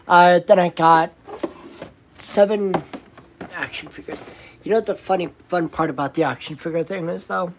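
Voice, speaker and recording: A man's voice: high-pitched, steady tone, normal speed, long pauses. A man chatting casually in a home vlog, rambling with many fillers and restarts. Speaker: vlogger. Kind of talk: casual chat. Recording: dull lo-fi sound with faint noise.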